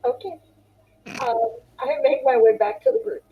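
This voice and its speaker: A woman's voice: high-pitched, big pitch swings, normal speed, husky. A woman playing a tabletop game, speaking hesitantly and apologetically in character. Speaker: player. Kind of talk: tabletop role-play, casual. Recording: tinny phone-like call audio.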